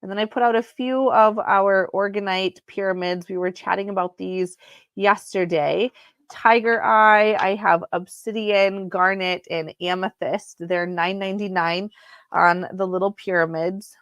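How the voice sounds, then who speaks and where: A woman hosting a casual live sale of crystals from home, chatty and unhurried, with frequent ums. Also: medium pitch, fairly even intonation, a bit bright, smooth, no room sound, clean studio sound.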